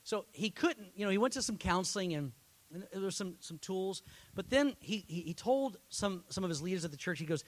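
A man preaching a sermon as pastor, telling a story that swells into loud, impassioned peaks. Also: high-pitched, expressive, brisk, no room sound.

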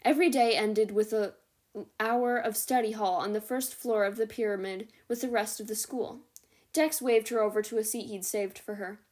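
A young woman reading a novel aloud as a podcast host, steady with the odd stumble and self-correction. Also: mid-range voice, normal speed. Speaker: audiobook reader, podcast host.

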